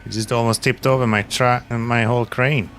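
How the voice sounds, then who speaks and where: A man streams a construction game, chatting casually and muttering to himself in a relaxed way as he plays. His voice is medium-pitched at normal speed, with soft music in the background.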